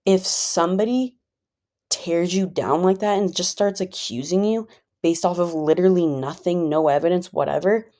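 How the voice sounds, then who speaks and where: Low-voiced woman, rambling chat. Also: normal speed, mellow. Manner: rambling, filler-heavy, conversational; calls herself a pretty chill person. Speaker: vlogger. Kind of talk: casual personal monologue.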